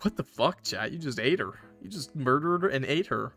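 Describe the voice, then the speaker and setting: A man's voice: on the high side, sing-song, brisk, hardly any pauses, a bit bright, soft background music. A man giving casual, joking let's-play commentary to his chat, swearing and mocking himself. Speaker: gaming streamer.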